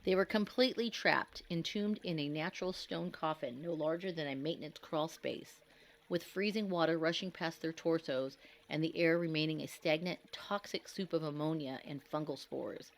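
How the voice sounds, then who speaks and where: Low-voiced woman narrating horror. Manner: grave, measured, dramatic. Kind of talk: scripted horror story narration.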